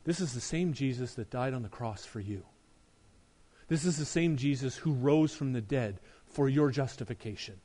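A middle-aged male pastor preaching a sermon, emphatic, asking rhetorical questions and dropping to a soft, earnest tone. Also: mid-range voice, normal speed.

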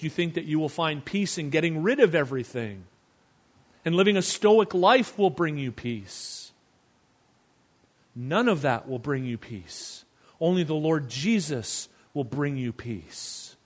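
A man delivers a sermon as a pastor, his voice sitting a little high for a man. He drops to near-quiet on tender lines and rises with force on pointed ones. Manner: preaching with swings between hushed and emphatic delivery.

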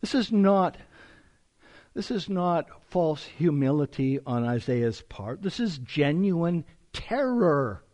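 A man's voice: fairly high pitch, very animated, takes it slowly, a little mellow. A man preaching an expository sermon as a pastor, reading scripture aloud with emphasis and explaining it to a congregation.

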